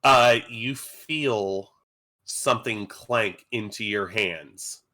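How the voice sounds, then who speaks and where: A man running a tabletop game as game master, reading riddles slowly and deliberately. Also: on the low side, bright, forceful tone.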